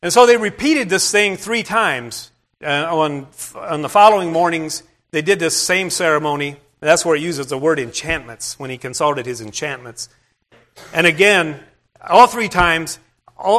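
A man's voice: on the high side, fairly bright tone. A man preaching a sermon, retelling a scripture story in a plain, conversational way with asides to the congregation.

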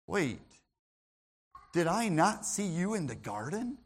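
A man preaching, voicing a suspicious bystander who quietly accuses someone in a lowered voice. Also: big pitch swings, takes it slowly, husky, exaggerated voice. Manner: low, quiet, questioning.

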